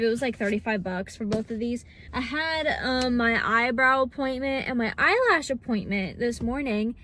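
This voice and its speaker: A woman's voice: on the high side, a bit bright. A young woman chatting casually in a book vlog, bubbly and full of fillers. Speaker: book vlogger.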